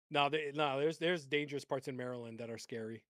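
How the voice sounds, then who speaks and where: A man's voice: mid-range voice, fairly bright tone, dry recording. Joking man on a livestream, dry close mic. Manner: joking, laughs often, rambling asides. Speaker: co-host of live trading stream. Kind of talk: casual livestream banter.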